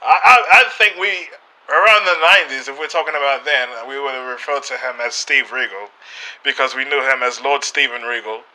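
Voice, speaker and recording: A British man talking as a podcast guest, staying in character and speaking haltingly, with many fillers and restarts. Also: medium pitch, pushed and bright, rough recording.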